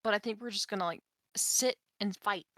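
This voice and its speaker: Bright-voiced woman at the game table. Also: mid-range voice, a little fast, dry recording. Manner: direct, narrates her character's actions. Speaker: player. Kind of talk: casual tabletop game chat.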